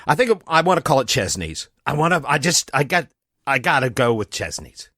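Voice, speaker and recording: A man playing in character at a tabletop game, folksy and joking, often dropping into soft tender lines. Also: mid-range voice, big pitch swings, a little fast, no room sound, clean studio sound. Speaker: player.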